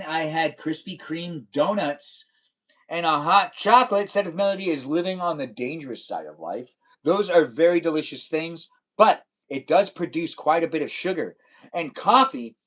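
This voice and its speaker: A man's voice: a little high, fairly bright tone. Chatty young man hosting a livestream. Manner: rambling, playful teasing, talks straight to chat viewers. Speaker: livestream host. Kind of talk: casual livestream chat reading viewer comments.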